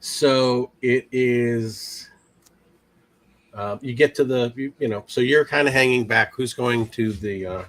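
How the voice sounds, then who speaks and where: A man narrating as game master, halting and filling his speech with ums and likes. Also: mid-range voice, a bit bright. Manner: halting, full of fillers.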